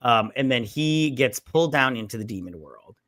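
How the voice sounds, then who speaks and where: A man's voice: medium pitch, expressive, normal speed, fairly bright tone, no echo, studio quality. A man co-hosting a casual movie recap chat, rambling through the plot and acting out lines with swearing. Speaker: podcast co-host.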